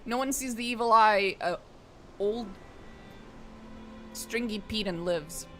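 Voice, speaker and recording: A woman's voice: mid-range voice, takes it slowly, faint music behind, close to an everyday voice. A woman voicing a menacing old male ghost pirate in a game, in a theatrical put-on pirate voice that drifts toward a drawl.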